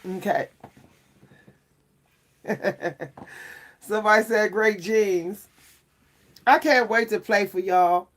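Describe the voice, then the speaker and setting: A woman's voice: medium pitch, slow pace, long pauses. Woman vlogger, casual live chat, talkative, frequent laughs and "y'all". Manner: chatty, keeps saying "y'all", laughs often. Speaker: vlogger and French horn player.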